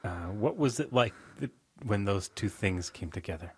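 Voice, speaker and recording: A man interviewing a guest in a broadcast interview, asking gentle, measured questions. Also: on the low side, animated, husky. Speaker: radio interviewer.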